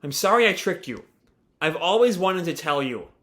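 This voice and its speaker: Brief: earnest, pleading teen girl from a manga, read aloud by a man, raised and bright. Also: sits high, very animated, moderate pace. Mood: apologetic. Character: earnest teenage girl owning up to a secret.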